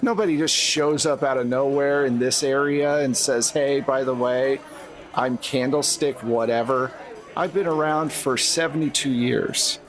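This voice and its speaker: A man's voice: mid-range voice, fairly even intonation, unhurried, lightly acted. A man playing a shrewd seventy-two-year-old woman in a tabletop game. She speaks in a wry, world-weary way and haggles hard.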